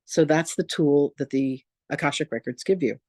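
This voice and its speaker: A man and reverend teaching in an online masterclass, telling personal stories in a candid, animated, casual way. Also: a little high, moderate pace, dry recording, clean studio sound. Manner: animated, acts out quoted voices, casual and candid.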